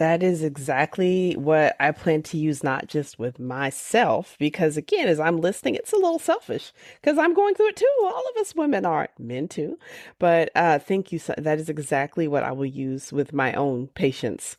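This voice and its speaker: A woman hosting a podcast interview, her voice low and mellow and recorded close and dry. She asks questions in a hesitant, rambling way, with a few fillers. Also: big pitch swings, normal speed, dry recording. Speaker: podcast host.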